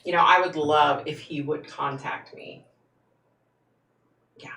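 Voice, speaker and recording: Host: low-voiced, gravelly woman chatting frankly with viewers, room echo, sits back from the mic. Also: steady tone, slow pace, pushed and bright, distant mic. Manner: frank and chatty, laughs often. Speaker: psychic hosting a live stream. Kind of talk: casual live-stream chat answering viewer comments. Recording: echoey room, voice away from the mic.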